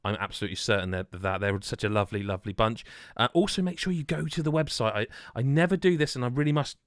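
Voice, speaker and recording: Rambling jokey podcast host. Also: male voice, mid-range voice, fast, dry recording, studio quality. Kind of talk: casual chat.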